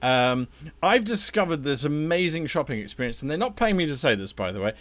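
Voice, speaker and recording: A man's voice: on the high side, very animated, brisk, a bit bright, dry recording. A man from South Africa, a game master chatting loosely on a live stream and rambling about his setup. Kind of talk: casual live-stream chat.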